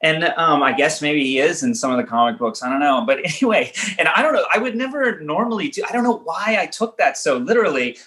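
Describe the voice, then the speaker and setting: Man, from Los Angeles, interview guest, halting restarts, self-deprecating storyteller. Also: on the high side, animated, pushed and bright. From Los Angeles, United States. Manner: halting, thinking aloud in self-deprecating stories. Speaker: writer-director guest. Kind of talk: conversational interview answers.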